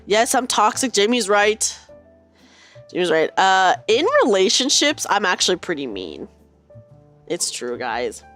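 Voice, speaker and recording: A woman's voice: mid-range voice, very animated, measured pace, a bit bright, soft background music. A woman from the United States streaming a casual chat, giggling as she reads out and answers her viewers' chat.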